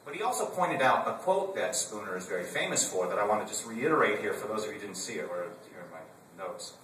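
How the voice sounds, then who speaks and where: A man from Wisconsin, speaking in a lowish, fairly bright voice, keeps an animated, quick pace as he gives a comic political talk. He chats with the conference-room audience and tosses in joking asides. Slight background noise is heard, recorded from a distance in a roomy hall.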